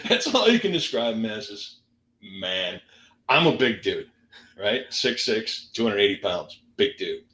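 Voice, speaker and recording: Guy doing a stand-up bit, high bright voice, keeps laughing at his own jokes, echoey room. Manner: animated, laughs through his own punchlines. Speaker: guest, former stand-up comedian. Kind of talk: stand-up storytelling on a podcast.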